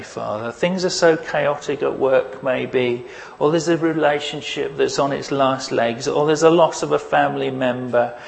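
A man preaching a sermon as pastor, earnest and questioning, leading the listeners into a quiet reflection. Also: medium pitch, unhurried, creaky, few pauses, a little hiss or hum, rough recording.

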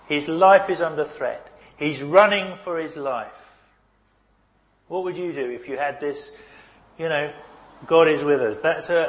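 Emphatic male preacher. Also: on the high side. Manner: emphatic, repeats key phrases, varies loudness for stress. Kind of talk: sermon.

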